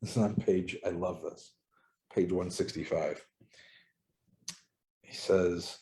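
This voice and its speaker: A man leading a casual book study group from home over a video call, relaxed and conversational with frequent ums. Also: low-pitched, takes it slowly, long pauses.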